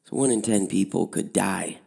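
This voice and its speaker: A man who runs a high school outdoor program, telling a personal story in a relaxed, conversational way with fillers. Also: moderate pace, creaky, breathy edge.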